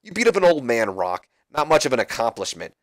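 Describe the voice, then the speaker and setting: A man's voice: medium pitch, big pitch swings, fairly quick, no echo, clean studio sound, close to an everyday voice. A man voicing an arrogant male wrestler who mocks and taunts his rivals. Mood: mocking. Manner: taunting, mocking.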